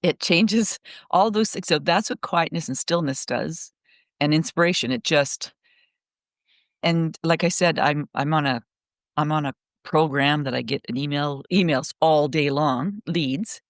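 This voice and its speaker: A middle-aged woman on a remote call, telling stories in a rambling, animated way, full of restarts. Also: low voice, unhurried, no room sound, studio quality. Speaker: guest speaker. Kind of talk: casual podcast conversation.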